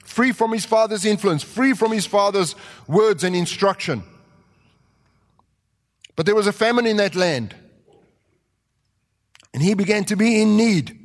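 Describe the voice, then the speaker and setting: A man preaching a sermon with animated delivery, acting out quotes and rising to shouts. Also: high-pitched, measured pace, long pauses. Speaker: pastor. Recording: long reverb of a large hall.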